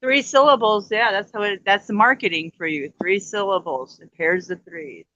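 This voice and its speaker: Bright-voiced laid-back swearing host. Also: medium pitch, normal speed, no room sound. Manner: profane, laid-back, agreeable interjections. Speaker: channel host. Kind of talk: casual chat. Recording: dull, dry lo-fi sound.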